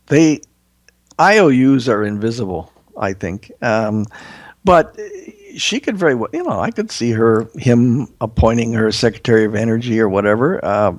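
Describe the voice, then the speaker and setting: A man who is a guest author on a casual political talk show, telling stories with halting restarts. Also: mid-range voice, dry recording. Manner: storytelling, lively, halting restarts.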